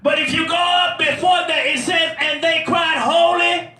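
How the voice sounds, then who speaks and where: A pastor preaching with a high, sharp-edged voice that swells into shouted, rhythmic climaxes. He sounds a little far from the mic, with the room's echo and faint background noise around him. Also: flat delivery, moderate pace. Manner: preaching that builds to shouted, sing-song climaxes. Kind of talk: sermon.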